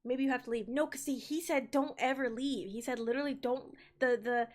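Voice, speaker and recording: A young woman who is sick, giving casual commentary on a horror game, screaming loudly at scares and then chattering and apologizing. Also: high-pitched, brisk. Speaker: gaming streamer.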